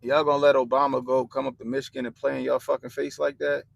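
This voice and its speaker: A young man hosting a livestream, ranting bluntly and profanely about politics to his chat in animated slang. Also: mid-range voice, fast talker, vocal fry, dull audio. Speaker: livestream host.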